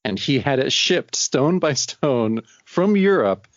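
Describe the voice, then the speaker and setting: A man's voice: mid-range voice, very animated, slow pace, no room sound, dull audio. A man co-hosting a casual comic book podcast, rambling and acting out lines of dialogue. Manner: rambling, acts out dialogue in silly voices. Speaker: podcast co-host.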